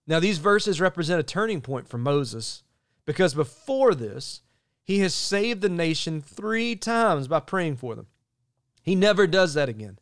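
A man preaching a sermon as pastor, earnest and measured, slowing down to stress key phrases. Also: a little high, sing-song, dry recording, clean studio sound.

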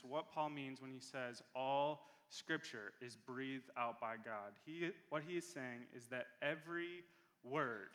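A man preaching a sermon as pastor in a church, earnest and repeating key phrases slowly for emphasis. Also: fairly high pitch, sharp tone, big-room sound. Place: church sanctuary.

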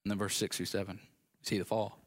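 A man's voice: on the low side, flat delivery, a little fast, no room sound, clean studio sound. A male pastor preaching a sermon in a conversational way, with wry asides.

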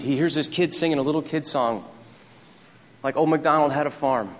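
A man preaching a sermon as pastor, telling stories with rising excitement. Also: medium pitch, normal speed, big-room sound. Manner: animated, storytelling preacher who gets excited. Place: church sanctuary.

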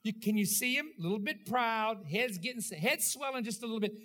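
High-voiced preacher man in full sermon. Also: expressive, fairly quick, a bit bright. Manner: rhythmic preaching with call-outs to the congregation. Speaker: pastor.

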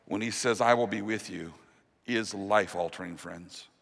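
A man preaching a sermon as pastor, earnest, dropping to a hushed, slow voice on the key promises. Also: fairly low pitch, creaky. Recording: long reverb of a large hall.

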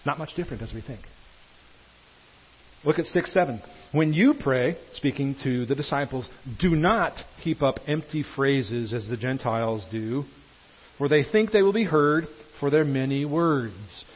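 Man, husky voice, emphatic preaching, swings loud to hushed, muffled recording. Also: medium pitch, expressive, measured pace. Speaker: pastor. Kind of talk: sermon. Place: church sanctuary. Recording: dull lo-fi sermon recording.

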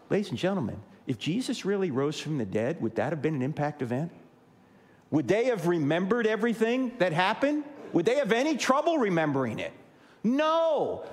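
60s guy from new jersey giving a funny apologetics talk, voice jumps around a lot, big echoey hall. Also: high voice. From New Jersey, USA. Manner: animated storyteller who acts out dialogue. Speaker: Christian apologetics speaker. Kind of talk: humorous lecture to a live audience.

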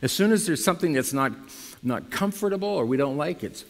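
A man preaching a sermon to his congregation in lively style, now and then rising to loud emphatic bursts. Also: a little high, a little fast, vocal fry, big-room sound. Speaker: pastor.

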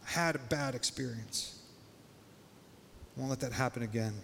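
A man's voice: medium pitch, creaky, a bit bright. Moses, a man voicing a stammering reluctant herder. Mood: pleading. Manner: halting, stammering, full of "like". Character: reluctant, flustered man Moses begging off a task. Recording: long hall reverb, faint noise.

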